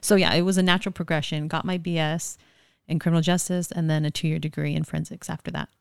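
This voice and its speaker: Casting: woman, 30s, from California, low voice, dry close mic, chatty storyteller. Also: level tone, quick pace, vocal fry, clear, resonant tone, no room sound. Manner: chatty, lots of "like" and quoting. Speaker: guest, forensic investigator. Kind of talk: casual interview storytelling.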